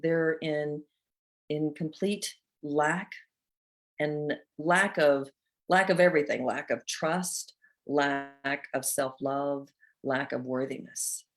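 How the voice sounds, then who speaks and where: Low-voiced woman, heartfelt motivational host. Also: fairly even intonation, slow pace. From North Georgia, USA. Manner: earnest, heartfelt storytelling. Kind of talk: motivational talk to viewers.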